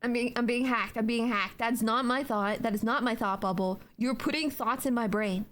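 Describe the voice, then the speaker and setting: A woman's voice: a little high, normal speed, fairly bright tone. Playful, rambling young woman streamer. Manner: rambling and playful, with many "like" fillers and yawning. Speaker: Twitch streamer. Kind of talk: casual live-stream chat, reading chat aloud.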